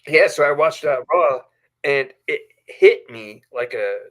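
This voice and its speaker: A man's voice: a little high, expressive, a little slow, fairly bright tone. Male stream host, chatty and rambling, recorded at home. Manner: rambling storyteller with many fillers. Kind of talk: casual live stream chat. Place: bedroom at home.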